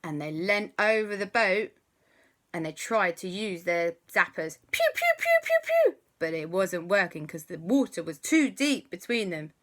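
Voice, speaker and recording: A woman's voice: lowish voice, unhurried, fairly bright tone. A woman making up an adventure story for children, playful and full of sound effects and gasps. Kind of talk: improvised bedtime story for kids.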